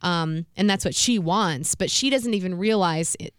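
A woman's voice: on the low side, normal speed, clean tone, no room sound, studio quality. A woman co-hosting a podcast in casual chat, talking candidly and swearing freely when worked up. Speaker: podcast co-host.

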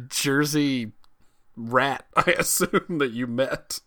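A man's voice: mid-range voice, normal speed, fairly bright tone, no echo, studio quality. A young man co-hosting a podcast, teasing his partner in casual chat and laughing often. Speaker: podcast co-host.

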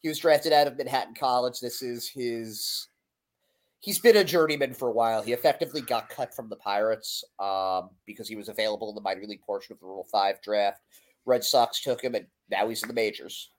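A man hosting a casual sports podcast, talking in an animated, rambling way. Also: medium pitch, a little fast. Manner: animated, rambling, self-deprecating. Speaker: podcast host.

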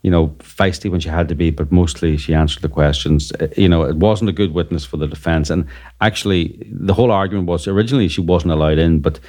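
A man with a very deep voice hosts a news podcast. He chats casually about the day in court. He pauses often and fills the gaps with hesitant sounds. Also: dark tone. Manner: hesitant, many filler sounds. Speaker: podcast host and trial reporter.

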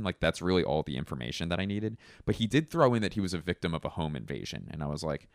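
A stand-up comedian from Philadelphia telling a rambling, casual anecdote full of fillers and self-corrections. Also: male voice, deep voice, very animated, fast, dry recording, studio quality.

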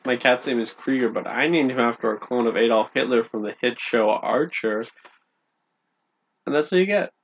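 A man's voice: medium pitch, moderate pace, creaky, dull audio. A young man from Canada co-hosting a comedy podcast, riffing playfully on absurd improvised bits. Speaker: podcast co-host. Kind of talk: casual comedic podcast chat.

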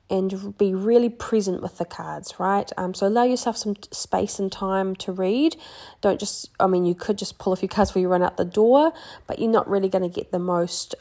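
A young woman gently teaching how to read oracle cards in a chatty, relaxed way with many fillers and restarts. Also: mid-range voice. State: pregnant, yawning. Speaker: card reading teacher. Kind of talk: casual instructional talk.

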